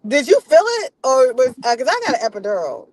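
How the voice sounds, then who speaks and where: A woman's voice: a little fast, dry recording. A woman in casual chat, animatedly telling her own birth story. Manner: animated storytelling, emphatic swings in pitch. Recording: noisy recording.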